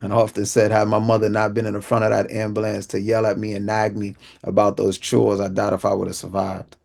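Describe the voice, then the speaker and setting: A man with a fairly low voice gives a personal testimony as an inspirational speaker. He tells his story vividly, acting out the dialogue of the people in it. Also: completely flat delivery, a little fast, creaky, a little mellow.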